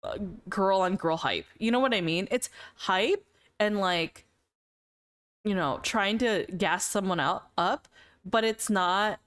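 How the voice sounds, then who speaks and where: Talking slowly in a medium-pitched, fairly bright voice, a young woman chats with her stream viewers. She is giggly, laughing often between sentences and repeating words as she goes.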